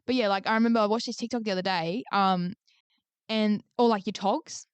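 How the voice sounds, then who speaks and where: A woman's voice: medium pitch, fairly quick, clear, resonant tone, dry recording. A young Australian woman co-hosting a podcast, rambling and swearing casually as she chats with her friend. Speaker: podcast co-host. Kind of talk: casual chat.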